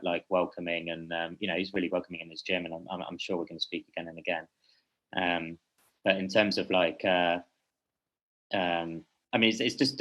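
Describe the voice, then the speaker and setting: A man's voice: low voice, fairly bright tone, highs cut off. A man talking as a podcast guest, a boxing journalist who speaks in a meandering, hesitant way and keeps correcting himself. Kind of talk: casual podcast conversation.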